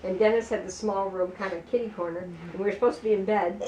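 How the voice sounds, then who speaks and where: A woman's voice: medium pitch, fast talker. An older woman telling family stories in casual talk, acting out quoted voices and laughing as she goes. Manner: lively storyteller who acts out quoted voices and laughs often. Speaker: sibling sharing family memories. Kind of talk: casual storytelling among family. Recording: roomy, distant mic, faint background noise.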